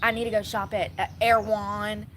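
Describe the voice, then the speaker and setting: A woman's voice: mid-range voice, little pitch movement, normal speed, fairly bright tone, a little hiss or hum. A woman giving blunt, sassy casual commentary, laughing often.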